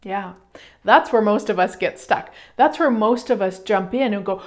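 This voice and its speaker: A woman hosting a radio show, giving a casual motivational talk in an animated way, acting out little quoted exchanges and swearing now and then. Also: medium pitch, moderate pace.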